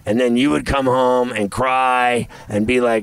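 A man's voice: medium pitch, level tone, moderate pace, few pauses, a bit bright, clean tone, dry recording, rough recording. A man interviewing a guest, asking blunt, joking follow-up questions. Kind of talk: conversational interview.

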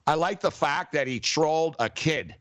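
Man co-hosting a sports talk show, excitable and animated, slightly high voice on a dry mic. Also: moderate pace, no echo.

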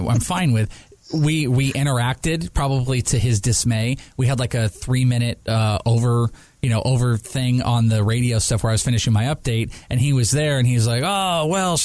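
A man's voice: normal speed, no echo. A man hosting a sports talk podcast, telling stories in casual banter, acting out quotes in a raised voice and laughing often. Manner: animated storyteller, acts out quotes in a high voice, laughs often. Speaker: podcast and radio host.

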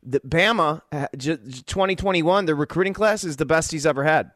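A man's voice: fairly high pitch, a little fast, a bit bright, no echo. A man analyzing football, emphatic and listing points one after another. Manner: emphatic, repetitive lists. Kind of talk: sports analysis.

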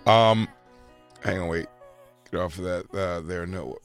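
A man's voice: low voice, measured pace, clear, resonant tone, faint music behind. A man co-hosting a casual comedy podcast, joking and reading news items aloud. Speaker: podcast co-host.

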